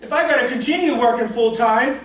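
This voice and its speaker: A man voicing a determined young woman set on her goal, loud, resolute and emphatic. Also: very high voice, brisk, voice pushed up. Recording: roomy echo, distant mic, faint noise.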